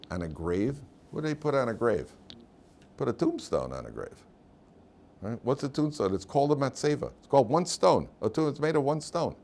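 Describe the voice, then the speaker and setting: A man's voice: medium pitch, darkish tone. A man teaching an informal Torah class as a rabbi, chatty and full of rhetorical questions, acting out little quotes as he goes. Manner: conversational, asks rhetorical questions, acts out quotes.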